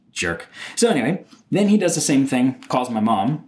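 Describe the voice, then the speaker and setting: A middle-aged man recounts a story from his own life, his voice swinging widely in pitch as he goes. He sounds exasperated and animated, and he now and then slips into impressions of the people involved. He speaks at a moderate, mid-range pitch. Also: moderate pace, few pauses. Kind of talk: personal storytelling monologue.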